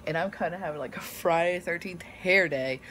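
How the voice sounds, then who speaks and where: A woman chatting casually to her phone camera from bed, with playful shouts and sudden loud bursts. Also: on the low side, brisk, a little hiss or hum. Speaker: vlogger. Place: lying in bed at home.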